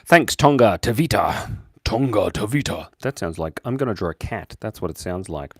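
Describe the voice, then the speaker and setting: A young Australian man chatting casually with his viewers while he draws on a livestream, playful and quick to jump from excited to quiet. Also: no room sound, clean studio sound. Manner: playful, jumps between high excited bursts and quiet mumbles. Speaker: livestream host drawing for chat. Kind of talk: casual live-stream chat while drawing.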